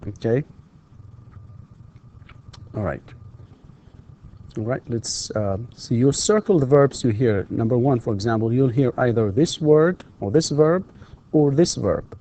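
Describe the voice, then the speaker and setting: Slow, mellow-voiced man teaching English grammar. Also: mid-range voice. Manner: patient, models example sentences with exaggerated rising intonation; slips briefly into Arabic to instruct students. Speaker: English instructor. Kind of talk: slow recorded lecture over slides. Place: university distance-learning studio.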